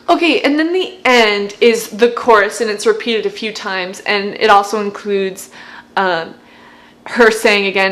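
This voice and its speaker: A woman's voice: medium pitch, lively intonation, normal speed, a bit bright. A woman vlogger in casual chat, gushing with fan enthusiasm as she breaks down song lyrics.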